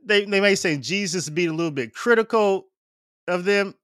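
A man's voice: high voice, moderate pace, fairly bright tone, dry recording, studio quality. A man preaching a casual, conversational homily, often checking in with his listeners and using plenty of fillers. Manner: chatty, keeps asking "right?" with fillers and laughs.

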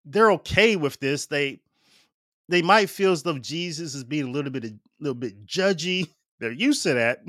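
Lively, chatty male preacher. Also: on the high side, moderate pace, dry recording, studio quality. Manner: chatty, keeps asking "right?" with fillers and laughs. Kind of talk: casual conversational homily.

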